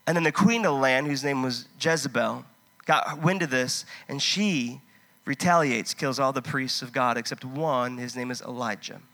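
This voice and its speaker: A man preaching a sermon, impassioned and conversational, swinging from loud urging to hushed storytelling. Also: medium pitch, normal speed. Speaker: pastor.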